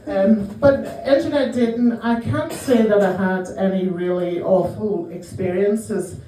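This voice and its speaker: A woman's voice: medium pitch, warm tone, slight background noise. Northern Irish woman doing dry stand-up. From Northern Ireland. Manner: dry, self-mocking storytelling with quick asides. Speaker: stand-up comedian. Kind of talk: stand-up comedy set. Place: small comedy club. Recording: roomy live venue, mic heard from a distance.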